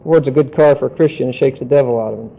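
A man teaching a Bible study lecture, deliberate and emphatic, spelling out Greek words. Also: medium pitch, gravelly, a little hiss or hum. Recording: dull lo-fi recording.

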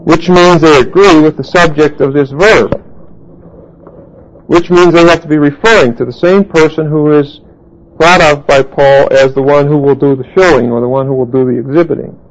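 A man lectures on New Testament Greek, walking through grammar slowly and spelling words aloud as he writes. His voice sits a little high and has a gravelly fry. A faint hiss runs under the recording. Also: fairly even intonation, poor audio. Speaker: Bible teacher. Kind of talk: Bible study lecture.

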